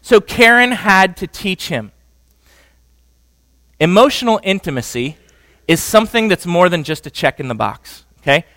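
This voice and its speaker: Guy preaching about marriage, kinda high voice, dry close mic, keeps asking okay?. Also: lively intonation, moderate pace, long pauses, sharp tone, no echo. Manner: conversational, checks in with "okay?" often. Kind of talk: sermon.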